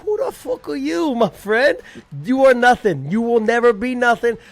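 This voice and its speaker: A man doing an impression of a brash, cocky male fighter with an Irish accent, taunting slowly and boastfully. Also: very high-pitched, lively intonation, no room sound, faint music behind, pitched above the performer's own voice. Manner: boastful, taunting, drawn-out words.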